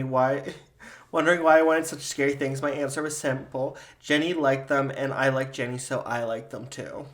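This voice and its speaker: Man reading a spooky story aloud. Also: mid-range voice. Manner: steady storytelling narration. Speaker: podcast host.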